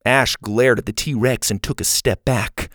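A man narrating a children's storybook in a lively, expressive way. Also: medium pitch, unhurried, no echo, clean studio sound. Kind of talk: storybook read-aloud narration.

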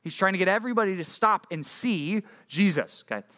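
A man, a youth pastor, giving a casual and conversational sermon to a junior high group, often asking his listeners questions. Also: animated, a little fast, bright, forceful tone. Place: church youth group meeting.

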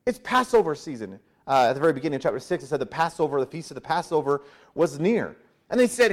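High-voiced animated male preacher. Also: brisk. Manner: animated, acts out crowd voices with "hey". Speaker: pastor. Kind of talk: sermon.

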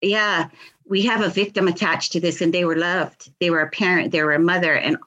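A woman's voice: on the low side, steady tone, brisk, a bit bright, lo-fi sound. Impassioned middle-aged woman. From Hawaii. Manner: earnest, impassioned, repeats words. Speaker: victims' advocate, guest. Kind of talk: emotional interview storytelling.

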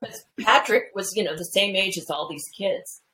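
A woman guest telling family anecdotes in a casual, animated way, full of restarts and fillers. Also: mid-range voice, moderate pace, a little hiss or hum, poor audio. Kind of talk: casual storytelling chat.

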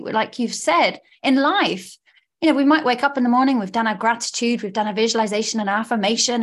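A woman hosting a casual podcast as a coach, upbeat and gushing. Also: on the high side. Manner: upbeat, gushing, warm encouraging patter. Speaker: podcast host, law of attraction coach. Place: studio.

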